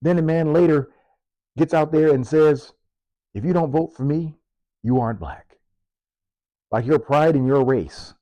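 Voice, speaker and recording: A man's voice: medium pitch, dark tone, dry recording. A man who works as a police officer, giving impassioned political commentary with punchy rhetorical questions and sarcasm.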